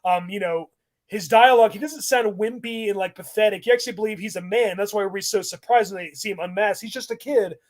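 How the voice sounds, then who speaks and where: A high-pitched man talks in a loose, rambling way on a casual podcast. He gets animated, breaks into laughter often, and piles up restarts as he rants about scenes he dislikes. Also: brisk. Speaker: podcast host.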